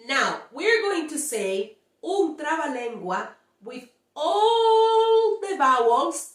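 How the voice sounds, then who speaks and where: A woman teaching Spanish pronunciation, sounding out words slowly and scolding playfully about common mistakes. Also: sits high, fairly bright tone, reverberant, recorded from a distance. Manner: slow, drawn-out demonstrations of sounds, playful scolding. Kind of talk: pronunciation lesson.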